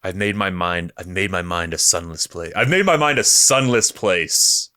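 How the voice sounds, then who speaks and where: A man reading aloud as a grim, world-weary male rebel spymaster, with a slow, weighty delivery that builds to a shout. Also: low-pitched, expressive, dry recording, studio quality. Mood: solemn. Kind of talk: dramatic reading of a monologue.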